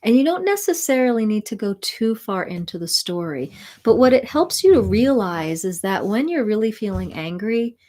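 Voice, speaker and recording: A woman spiritual mentor and sound healer, talking gently and soothingly to viewers of a live stream. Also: medium pitch, sing-song, moderate pace.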